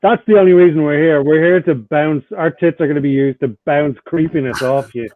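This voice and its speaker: A man's voice: a little high, brisk, dry recording. A man co-hosting a comedy podcast, making wry remarks. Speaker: co-host. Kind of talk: casual comedy podcast chat. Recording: tinny phone-like call line, dry.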